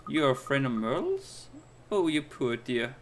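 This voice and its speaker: A man with a medium-pitched voice and wildly swooping pitch plays a fussy, kindly old woman neighbor, gossiping unhurriedly, chattering, sighing, and calling everyone dear. Game music and background noise sit behind his voice.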